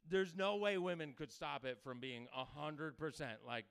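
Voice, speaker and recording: A man performing a crude stand-up comedy set, talking loosely and breaking into loud mock voices. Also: a little high, lively intonation, normal speed, clean tone. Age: adult with a daughter.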